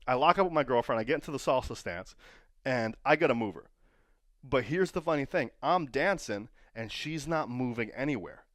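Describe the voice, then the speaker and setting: A man who coaches pro wrestlers talks through his advice in a loose, storytelling way and keeps asking "right?" His pitch sits in the middle of a man's range. The recording is dry and close. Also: expressive, normal speed, fairly bright tone, no room sound. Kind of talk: casual advice monologue.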